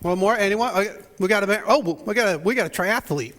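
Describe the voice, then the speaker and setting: A man with a high voice speaks as a pastor opening a sermon. He jokes and chats directly with his congregation in a church sanctuary. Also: quick pace, a bit bright, in a large hall. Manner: joking, chatty, talks straight to the congregation. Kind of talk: playful sermon opening with audience interaction.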